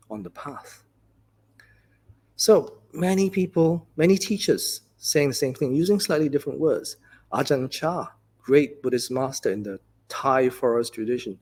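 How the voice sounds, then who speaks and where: A male Buddhist teacher gives a dharma talk with a soft, breathy, slightly husky voice. His pitch sits in the middle of the male range. He talks gently, like a conversation, and tells stories with easy fillers. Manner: gentle, conversational storytelling with many "you know"s.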